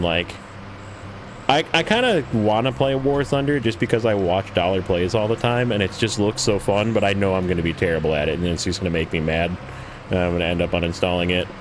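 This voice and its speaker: Lowish-voiced man chatting on a game stream. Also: background noise. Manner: rambling and self-deprecating, chatting with viewers. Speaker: gaming livestreamer. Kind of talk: casual livestream chat while playing.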